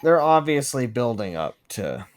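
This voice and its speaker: A man co-hosting a podcast, chatting casually and profanely about wrestling, laughing and riffing on jokes. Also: medium pitch. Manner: excitable, profane, quick to laugh and riff. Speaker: podcast co-host. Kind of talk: casual wrestling recap chat.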